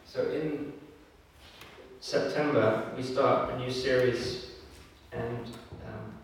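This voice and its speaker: A man preaching a sermon in an earnest, measured way, with fillers and raised emphasis when he quotes scripture. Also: mid-range voice, fairly even intonation, slight background noise. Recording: echoey hall from far off.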